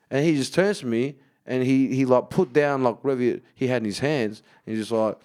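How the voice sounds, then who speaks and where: A comedian guest on a casual podcast tells a story animatedly, swearing heavily and acting out what people said. His voice is medium-pitched at a normal speed.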